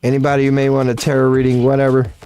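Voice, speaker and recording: Profane laid-back man streaming, mellow voice. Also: mid-range voice, completely flat delivery, very fast, soft background music. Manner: profane, laughing, rambling storyteller. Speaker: livestream host. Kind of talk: casual livestream chat.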